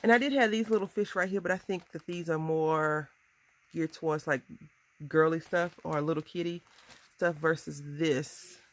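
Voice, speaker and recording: A woman in her thirties chatting casually through a crafting tutorial, bubbly and quick to laugh at herself. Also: deep voice, fairly even intonation. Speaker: crafting vlogger.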